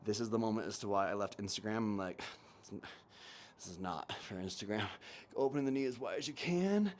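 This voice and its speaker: A man's voice: on the low side, quick pace, darkish tone, a little hiss or hum. A man leading a home mobility workout on a new mic, giving cues and countdowns and joking as he goes. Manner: coaching cues, counts down, jokes and laughs. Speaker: fitness instructor. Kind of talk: guided mobility class instruction. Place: home, lawn blower outside. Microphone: new microphone.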